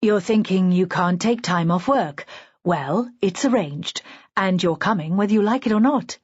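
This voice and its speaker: A woman's voice: mid-range voice, moderate pace, husky, no echo, dull audio, natural voice. A woman reading an audiobook, voicing a wife who speaks insistently. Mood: teasing.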